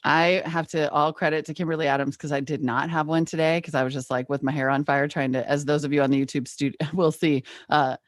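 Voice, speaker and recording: A woman co-hosting a podcast in casual chat from a home studio. She talks in an animated way, laughs often and jumps up in pitch when excited. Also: brisk, hardly any pauses, no room sound. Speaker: podcast co-host.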